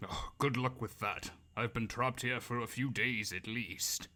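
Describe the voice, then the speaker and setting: A man's voice: medium pitch, steady tone, a little slow, pushed and bright. A man voicing a proud, prickly old robot elder who talks in an indignant, huffy way. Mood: wry.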